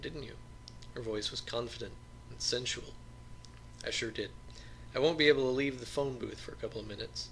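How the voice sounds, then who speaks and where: A man reading a novel aloud as an audiobook narrator, in plain, steady storytelling. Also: mid-range voice, vocal fry, a little hiss or hum.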